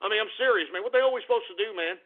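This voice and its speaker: A man's voice: high-pitched, rapid-fire. A man hosting a talk radio show, ranting heatedly, swearing and stammering in agitation. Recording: phone-like lo-fi radio audio.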